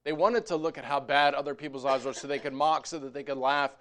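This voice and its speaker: A man preaching a sermon as pastor, moving between quiet conversational asides and raised, emphatic exhortation. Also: a little high, fast.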